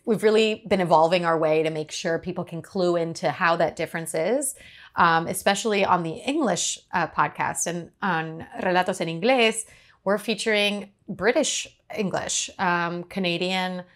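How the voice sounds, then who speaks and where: A woman from Uruguay, a podcast host speaking lively on a panel and quick to laugh. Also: on the low side. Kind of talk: panel discussion.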